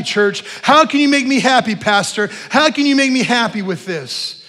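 A middle-aged man preaching a sermon as pastor in a church, animated, telling stories and acting out what people say. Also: very high-pitched, normal speed. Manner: animated preaching, storytelling with voiced asides. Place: church sanctuary. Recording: long hall reverb.

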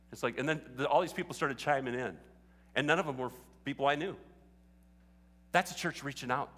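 Bright-voiced pastor preaching in a reverberant hall. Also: male voice, mid-range voice. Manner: conversational, building to fervent exhortation. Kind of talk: sermon. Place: church sanctuary. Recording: long reverb of a large hall.

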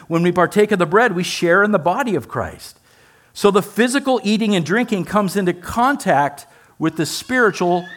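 A male pastor gives a sermon with a slightly high-pitched voice. He talks conversationally, asks the congregation question after question, and now and then steps aside for a playful remark. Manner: conversational preaching with rhetorical questions.

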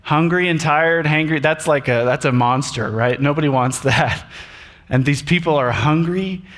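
Male pastor, high voice, animated sermon, direct questions to congregation. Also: normal speed.

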